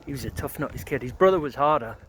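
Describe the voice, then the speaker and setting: Fast and expressive, a middle-aged vlogger with a mid-range voice reminisces as he walks through an outdoor neighbourhood, background noise audible. His talk is loose and wandering, thick with fillers and casual profanity.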